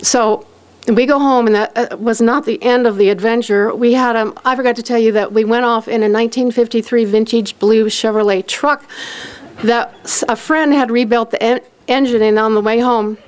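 A woman with a fairly high voice tells her own story. She acts out the people in it, and laughter slips into her words again and again. Her delivery stays lively and personal. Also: moderate pace, smooth. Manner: animated, acts out quoted voices; often laughs while talking.

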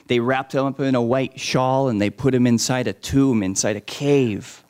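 A man telling a story to children, animated and asking the listeners questions along the way. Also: medium pitch, normal speed, hardly any pauses, clean tone.

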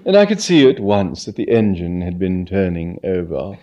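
A man reading a comic story aloud, playing a chatty, flustered young gentleman who halts with fillers. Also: low voice, distant mic, highs cut off. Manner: lively, halting with fillers.

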